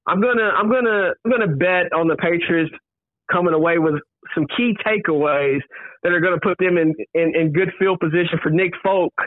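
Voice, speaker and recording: A man's voice: on the high side, dry recording. Southern man on a tinny line. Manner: hesitant, repeats words, friendly. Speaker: co-host, sports editor. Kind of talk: casual sports podcast chat. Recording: tinny phone-like remote line.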